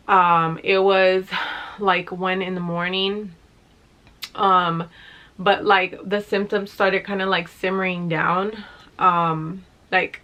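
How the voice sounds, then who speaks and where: Young woman vlogger, bright voice, rambles through her story with lots of likes and ums. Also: fairly low pitch. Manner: rambling, lots of fillers and swearing. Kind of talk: casual storytime.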